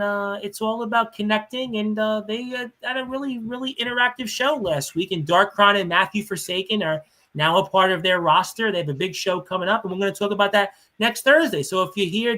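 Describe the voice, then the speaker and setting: Chatty, bright-voiced male stream host. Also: sits high. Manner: chatty, rambling shout-outs with many fillers. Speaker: radio show host. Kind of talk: live-streamed talk show.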